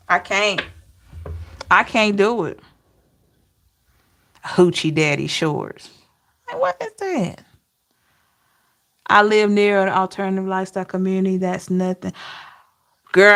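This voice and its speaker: A woman reading tarot on a live stream chats informally, laughing and calling viewers by name as she lets out drawn-out, unbelieving exclamations. Her pitch is medium and her tone fairly bright.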